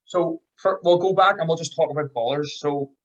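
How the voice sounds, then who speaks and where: A man with a Scouse accent hosting a podcast, telling stories in a fast, excitable way. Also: on the high side, muffled recording. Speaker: podcast host. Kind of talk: casual interview chat.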